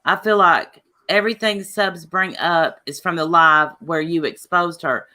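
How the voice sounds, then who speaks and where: A woman with a bright, clear tone talks in a live stream chat. She presses her points insistently and defends herself. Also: on the low side, steady tone, unhurried.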